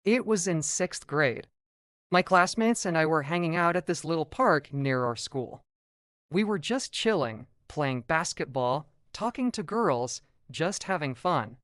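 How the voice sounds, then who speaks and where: Casual, animated male storyteller. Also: on the high side, measured pace, no echo, studio quality. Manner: casual, conversational retelling. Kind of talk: first-person story narration.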